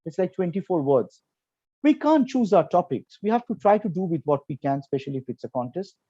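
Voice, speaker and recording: A man's voice: high-pitched, very animated, fairly quick, dark tone, slightly rough, dry recording, highs cut off. A man from Kolkata with a Bengali accent, explaining earnestly on an online panel, with frequent fillers. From Kolkata, India. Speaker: program quality director.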